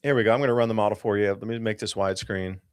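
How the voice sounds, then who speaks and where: Excited man hosting a weather talk show. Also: on the low side, rapid-fire, smooth, no room sound, studio quality. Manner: excited, emphatic, rambling with restarts. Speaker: host. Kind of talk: casual talk-show commentary on weather charts.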